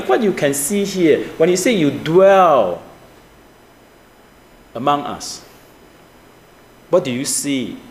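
A man's voice: medium pitch, echoey room, a little hiss or hum. A man preaching a sermon, asking the listeners questions, with slightly non-native grammar. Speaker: pastor.

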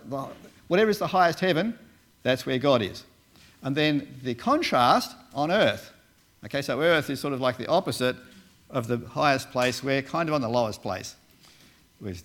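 A man's voice: on the high side, a bit bright. Rambling man preaching with slides. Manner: rambling, many fillers and restarts, explanatory. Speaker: preacher, former Bible translator. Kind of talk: casual sermon with slides.

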